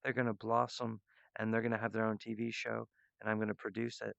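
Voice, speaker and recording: Gravelly, halting man speaking to viewers. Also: on the low side, completely flat delivery, a bit bright, no echo, highs cut off. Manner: halting, full of restarts and fillers, earnest. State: emotional. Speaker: artist addressing viewers. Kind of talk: rambling direct-to-camera monologue.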